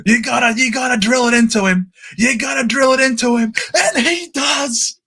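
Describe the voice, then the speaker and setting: A man hosting a live-stream football watchalong, calling the play with animated cheers and banter. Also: extremely high pitch, normal speed, breathy edge. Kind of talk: excited live sports commentary.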